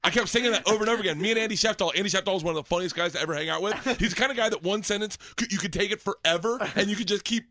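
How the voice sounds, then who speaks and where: A man's voice: sits high, racing, hardly any pauses, pushed and bright, no room sound. A male comedian guest in casual studio chat, rambling through stories and laughing as he tells them. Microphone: studio mic.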